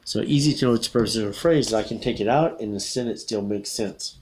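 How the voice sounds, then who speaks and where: A man teaching English grammar, reading a picture book aloud slowly and breaking off to explain and correct himself. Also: lowish voice, darkish tone. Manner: reads slowly with self-corrections and asides. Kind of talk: casual read-aloud lesson.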